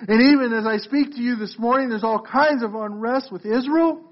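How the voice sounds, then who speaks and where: A man's voice: extremely high pitch, moderate pace. A man preaching a sermon as a pastor, earnest, calling listeners folks and often repeating words as he restarts. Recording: muffled lo-fi recording.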